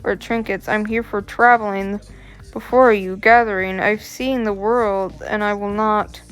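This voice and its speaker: Woman reading as a calm guarded man. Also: mid-range voice, a little slow, clear, resonant tone, natural voice. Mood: calm, firm. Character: calm guarded male adventurer, firm and measured.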